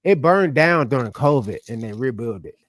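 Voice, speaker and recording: A man telling a story in casual podcast chat, loud and profane, animated, with sudden drops to mutters. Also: mid-range voice, moderate pace, dry recording. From United States.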